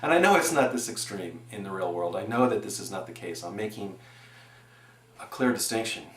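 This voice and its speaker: A man's voice: on the low side, normal speed. Earnest man presenting, echoey room. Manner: earnest, animated, building points with examples. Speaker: presenter on education. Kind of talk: explanatory presentation.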